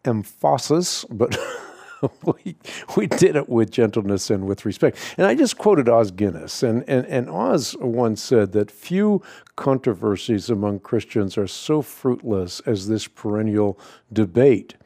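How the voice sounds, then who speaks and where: A middle-aged man hosting a radio Bible-answer call-in show, answering a caller in a measured, thoughtful way and often repeating words as he starts a sentence. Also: mid-range voice, big pitch swings, creaky, warm tone, no room sound, clean studio sound. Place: radio studio.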